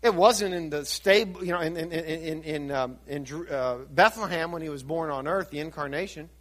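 A man's voice: fairly high pitch, moderate pace, a bit bright. A man preaching a sermon, teaching through scripture with rhetorical questions and building to fervent emphasis. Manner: asks rhetorical questions and answers them. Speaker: pastor.

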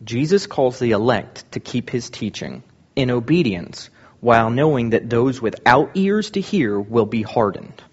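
A man's voice: medium pitch, lively intonation, measured pace, slightly rough, highs cut off. A man preaching a sermon, reading scripture aloud and then explaining it with rising emphasis.

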